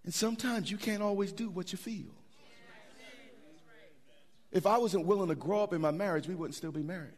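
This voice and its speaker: A middle-aged man preaching a sermon, animated, with repetitions and asides to the congregation. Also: high voice, moderate pace, pauses often. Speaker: pastor.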